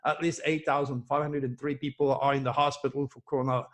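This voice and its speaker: A man's voice: medium pitch, little pitch movement, fast talker. A man delivering a solo commentary as an astrologer, reading news headlines and preaching with impassioned emphasis and repeated phrases. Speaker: astrologer giving predictions.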